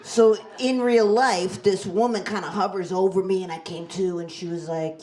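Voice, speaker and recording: Forties woman doing standup, kinda low voice, chatty and self-mocking, laughs at her own bits. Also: fairly even intonation, unhurried, background noise. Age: 40s. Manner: conversational, self-mocking, laughing through punchlines. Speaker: stand-up comedian. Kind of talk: stand-up comedy set.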